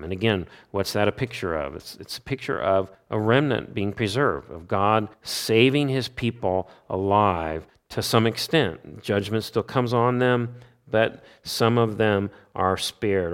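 A man with a fairly low voice walks his listeners through a passage of Scripture in the manner of a sermon. He leans on repetition and rhetorical questions to drive each point home. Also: clear, resonant tone. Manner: emphatic, asks rhetorical questions and answers them; repeats key phrases for emphasis. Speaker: Bible teacher. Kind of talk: expository Bible teaching.

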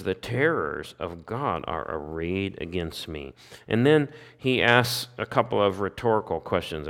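A man with a somewhat low voice leads a Bible study and walks his listeners through the text. He explains it in plain words, voices its lines in the first person and keeps asking rhetorical questions. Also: fairly bright tone. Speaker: Bible teacher.

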